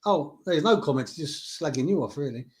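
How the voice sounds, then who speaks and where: A teasing man co-hosting a fan call-in chat. His voice sits high and jumps around a lot in pitch. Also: lively intonation, normal speed. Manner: teasing, banter-loving. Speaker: co-host.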